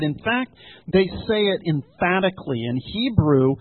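Guy preaching slow with lots of ums, husky voice, tinny phone-like sound. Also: a little high. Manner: measured, frequent ums and pauses, explaining scripture. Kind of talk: sermon.

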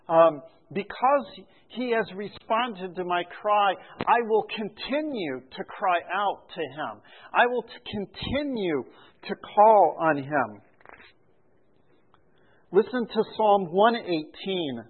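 A man preaching a sermon, teaching through scripture verses slowly and deliberately, building emphasis on repeated refrains. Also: high voice, expressive, slightly rough. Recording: phone-like narrow sound.

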